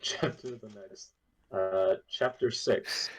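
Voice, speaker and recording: A man with a rather low voice talks through a casual book-discussion podcast as a co-host. He rambles, trails off into fillers and laughs often. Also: fairly even intonation, slow, breathy edge, poor audio.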